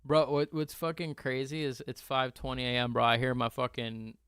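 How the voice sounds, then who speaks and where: A man's voice: medium pitch, flat delivery, normal speed, a crowd in the background. A young man hosting a casual late-night livestream, talking in loose slangy banter and swearing often. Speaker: livestream host.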